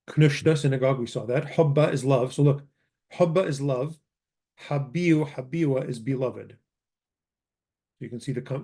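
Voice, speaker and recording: A man's voice: mid-range voice, darkish tone. A man teaching a grammar lesson, explaining words patiently and often stopping to correct himself. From Chaldean community. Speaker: language teacher.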